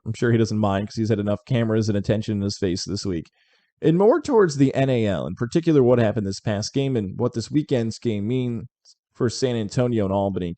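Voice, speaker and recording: Mellow-voiced man hosting sports talk. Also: medium pitch, dry recording. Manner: animated, fires off rhetorical questions. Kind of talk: opinionated sports commentary. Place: local show in upstate New York.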